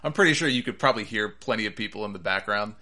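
A man's voice: lowish voice, very fast, pushed and bright. A man hosting a wrestling podcast, rambling and sarcastic in casual commentary.

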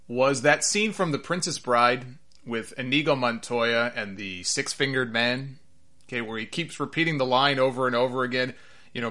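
A man giving opinionated solo commentary on wrestling, animated and sarcastic, repeating himself for emphasis. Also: normal speed. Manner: animated, rises in pitch when worked up.

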